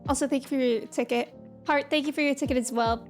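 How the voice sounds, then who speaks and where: A woman's voice: sits high, fairly even intonation, fast talker, soft background music. A woman streamer chatting casually with viewers, greeting them by name and rambling along with lots of fillers. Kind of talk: casual live-stream chat.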